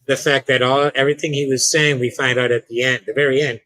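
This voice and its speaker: A man's voice: medium pitch, fairly even intonation, quick pace, bright, forceful tone, no room sound, rough recording. A man co-hosting a live stream, talking casually with frequent restarts and hesitations. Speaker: podcast co-host.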